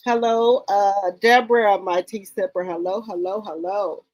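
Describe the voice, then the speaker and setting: A woman's voice: medium pitch, fairly even intonation, measured pace, a little mellow. A woman hosting a casual livestream, greeting viewers by name in an informal, repetitive, chatty way, with features. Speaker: livestream host.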